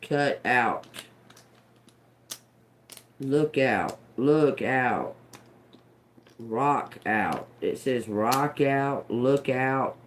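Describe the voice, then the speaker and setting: A woman's voice: very deep voice, animated, very slow, long pauses, a little hiss or hum. A woman doing a live-stream tarot reading, talking casually and profanely, laughing often and trailing off into restarts. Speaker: tarot reader.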